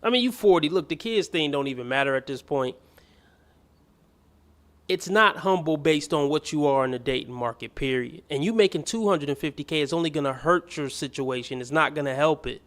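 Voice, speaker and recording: A blunt male commentator with a fairly high voice. He talks down to the clips he plays, scornful and profane. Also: a little fast, a bit bright. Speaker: host. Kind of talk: reaction commentary.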